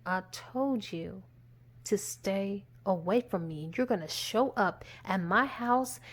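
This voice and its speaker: A woman voicing a fed-up married woman who is firmly scolding an unwanted admirer in a low, hushed voice. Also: slow pace. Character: stern married woman warding off a stalker.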